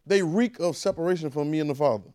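A man preaching a conversational sermon, repeating phrases and rising to shouted calls. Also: a little high, fast talker.

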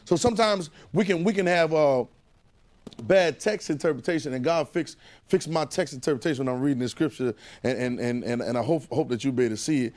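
A man preaching a sermon in call-and-response style, repeating phrases and swinging between loud and hushed delivery. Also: mid-range voice, fairly quick.

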